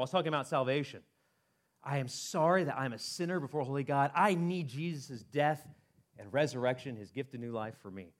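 A man preaching a sermon as pastor, animated and conversational, acting out quoted voices with frequent restarts. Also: mid-range voice.

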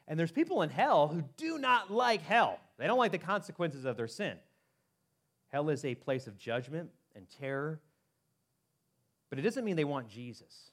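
Middle-aged man preaching a sermon, somewhat high and very lively in pitch, conversational with restarts. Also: moderate pace. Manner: animated, acts out quoted voices, frequent restarts. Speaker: pastor.

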